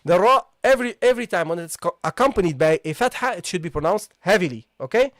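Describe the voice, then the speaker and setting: A man teaching a live online recitation lesson. He explains step by step, repeats sounds slowly and keeps checking with "okay, guys?". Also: high voice, expressive, fairly bright tone, no room sound, clean studio sound.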